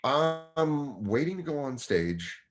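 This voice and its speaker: A man's voice: on the high side, sing-song, slow. A man, a guest comedian in his thirties, telling a casual, profane story and acting out other people's voices.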